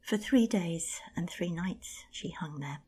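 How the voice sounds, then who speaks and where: A woman telling an old myth aloud in a hushed, half-whispered narration with a husky, gravelly voice. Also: fairly low pitch, animated, slow. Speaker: storyteller. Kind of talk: oral storytelling of a myth.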